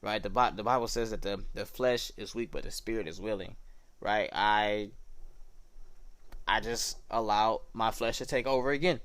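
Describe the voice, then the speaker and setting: Young man telling his faith story, low-pitched. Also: moderate pace, clear, resonant tone, dry recording. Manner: relaxed, slangy, reflective. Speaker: podcast host sharing his testimony. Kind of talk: casual personal storytelling.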